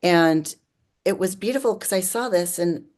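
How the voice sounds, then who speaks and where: A woman, a podcast guest, telling a personal story in lively conversation, often saying "like" and laughing as she goes. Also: fairly low pitch, moderate pace. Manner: animated, often says "like" and laughs.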